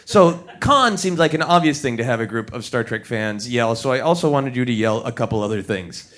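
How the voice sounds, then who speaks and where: A man's voice: mid-range voice, expressive, a little fast, a bit bright. A man hosting a live podcast on a theater stage in front of an audience, upbeat and jokey. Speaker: podcast host.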